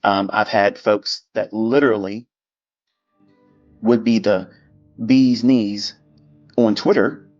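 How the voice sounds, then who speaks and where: A man's voice: lowish voice, darkish tone, no room sound, dull audio. A man giving a blunt, lecture-style talk on trading, dismissive of critics, swearing and repeating himself. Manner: mimics critics in quoted asides. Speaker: trading educator.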